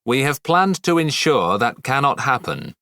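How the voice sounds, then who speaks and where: A man's voice: mid-range voice, big pitch swings, measured pace, pushed and bright, dry recording, studio quality, voice pushed up, full character voice. A man voicing a cold, commanding female witch assassin in an audiobook, with grave and clipped delivery. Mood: stern.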